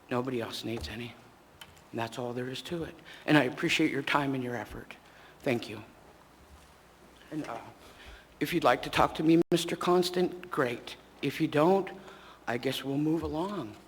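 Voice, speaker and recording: Frustrated middle-aged man pleading in echoey chamber. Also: medium pitch. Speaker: public commenter. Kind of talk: public testimony at a city meeting. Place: large council chamber. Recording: echoey chamber with faint background noise.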